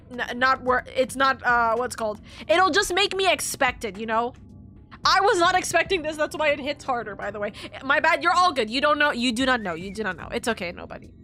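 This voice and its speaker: A woman's voice: sits high, pushed and bright. A young woman streaming a story game, gushing and emotional as she talks, rambling through restarts. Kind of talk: casual live-stream commentary.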